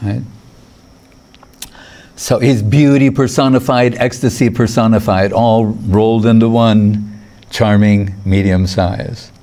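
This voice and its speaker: A man's voice: fairly low pitch, steady tone, slow pace, mellow. A man giving a lecture on scripture as a spiritual teacher, digressive, chuckling now and then and quoting Sanskrit verses.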